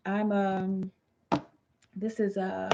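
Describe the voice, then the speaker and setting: A woman's voice: medium pitch, completely flat delivery, extremely slow, gravelly, highs cut off, very noisy. A woman in her thirties, a tarot reader chatting casually on a livestream, laid-back and slangy, giggling often and a little tipsy. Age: 30s.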